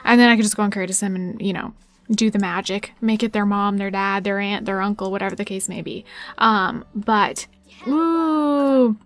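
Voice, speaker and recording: A young woman giving casual, excitable gameplay commentary, talking fast and chatty as she plays. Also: medium pitch. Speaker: gaming YouTuber.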